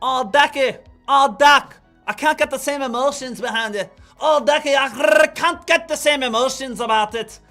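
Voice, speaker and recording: Man mocking a whiny male beginner trader: moaning, exaggerated, high, with soft music behind. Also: moderate pace, hardly any pauses.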